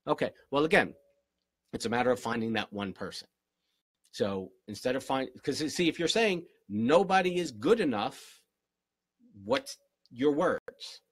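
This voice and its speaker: A husky, animated, medium-pitched male voice at a moderate pace, recorded with no room sound. He's a relationship coach running a live-stream Q&A, answering viewers earnestly and encouragingly while repeating his core phrases as motivational advice.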